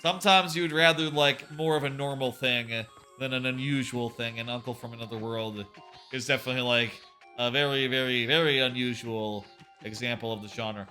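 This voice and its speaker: Bright-voiced man rambling over gameplay. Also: mid-range voice, normal speed, soft background music. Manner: rambling, swears, many fillers, animated quoting. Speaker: streamer. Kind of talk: casual gameplay commentary.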